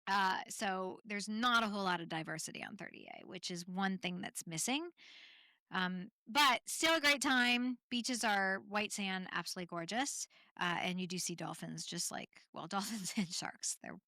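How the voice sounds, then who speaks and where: Woman podcast host, from Canada, chatty storyteller, bright voice, dry close mic. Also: mid-range voice, moderate pace, no room sound. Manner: chatty, laughing, full of fillers and tangents.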